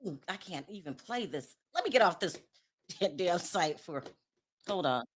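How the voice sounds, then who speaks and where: A woman's voice: on the low side, very animated, a little slow, a little hiss or hum. A woman hosting a celebrity gossip show in casual commentary, blunt, sassy and dismissive.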